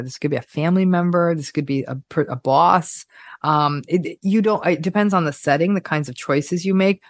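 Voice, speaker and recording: A woman clinical psychologist talking casually on a podcast, animated and playful, acting out everyday examples. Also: low-pitched, no echo.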